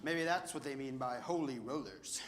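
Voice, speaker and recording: A man's voice: medium pitch, normal speed, fairly bright tone, a little hiss or hum, natural voice. A teenage boy on a school stage, playing a stern, sardonic male police officer. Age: teens. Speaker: high school stage actor. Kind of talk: live musical theatre dialogue.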